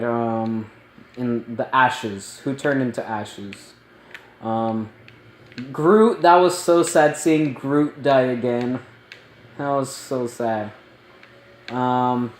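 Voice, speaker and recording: A man giving a casual spoiler movie review, rambling and excitable, with lots of ums and likes. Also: mid-range voice, a little hiss or hum. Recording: roomy echo.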